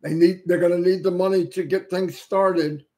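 Here the host's voice sits high and dark, with fairly even intonation and a moderate pace. Speaking into a headset, he does casual shout-outs on his livestream, greeting viewers by name and occasionally fumbling a name.

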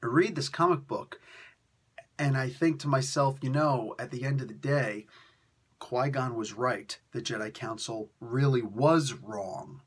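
A man reviewing comics on video in a ranting, sarcastic way, swinging between loud outbursts and quiet mutters, and sounding tired. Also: medium pitch, measured pace, breathy edge. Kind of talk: animated solo video review.

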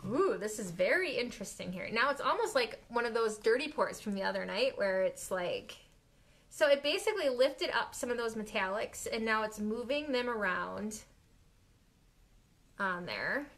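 A woman who owns an art studio, excitedly demonstrating a craft technique on a live stream, gasping and delighting at the results. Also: on the high side, normal speed. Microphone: phone or camera on live stream.

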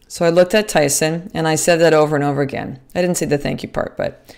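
A woman's voice: low voice, steady tone, fast, gravelly, a little mellow. Candid, swearing woman podcast host. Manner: candid, swears freely, restarts sentences; earnest and motivational, addresses listeners as sister. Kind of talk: casual podcast monologue.

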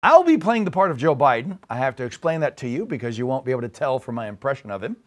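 A man's voice: mid-range voice, sing-song, fast. A man hosting a satirical comedy podcast, delivering a monologue with wry, self-deprecating asides.

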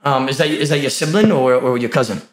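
A man's voice: medium pitch, fast talker. Brash, echoey young man from Brooklyn. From Brooklyn, New York. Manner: brash, teasing, trash-talking slang. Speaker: streamer chatting with strangers. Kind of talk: casual video chat banter.

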